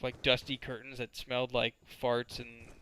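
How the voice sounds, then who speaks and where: A man's voice: medium pitch, completely flat delivery, normal speed, bright, forceful tone, slight background noise. A man in his twenties telling crude, rambling stories as casual gameplay commentary, full of filler words. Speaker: gaming commentator.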